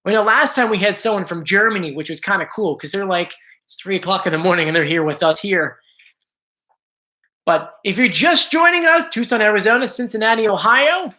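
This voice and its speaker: A man's voice: high-pitched, expressive, fast talker, pushed and bright. A man hosting a casual live stream from home, chatting and greeting viewers by name, his voice a little strained. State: slightly strained voice.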